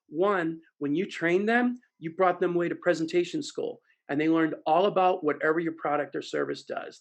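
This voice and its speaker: A man's voice: fairly high pitch, gravelly. A man giving a conference keynote as a sales trainer, telling stories and acting out the voices of audience members. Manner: animated, acts out voices of audience members in a story.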